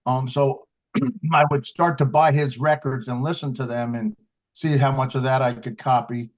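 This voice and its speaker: Steady in tone and moderate in pace, an older man's medium-pitched voice recounts his early years as a blues harmonica player in a casual interview. He rambles with frequent restarts and fillers, on a dull, lo-fi recording.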